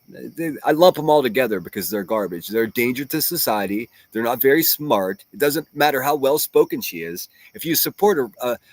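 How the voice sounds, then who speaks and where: A man's voice: medium pitch, no echo. A man hosting a livestream, reading chat and ranting in a profane, mocking and combative way. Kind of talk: casual livestream rant.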